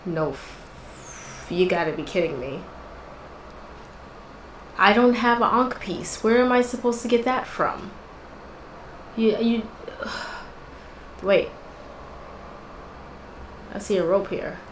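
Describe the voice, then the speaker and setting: A woman's voice: medium pitch, expressive, slow pace, pauses often, roomy sound, slight background noise, rough recording. A woman hosting a gaming channel, chatting casually and exclaiming in frustration as she plays. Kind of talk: casual gameplay commentary.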